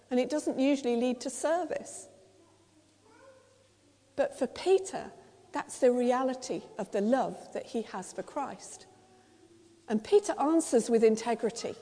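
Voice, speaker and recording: English woman preacher, gentle storytelling sermon, mellow voice, church reverb. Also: high voice. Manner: gentle storytelling, acts out quotes softly.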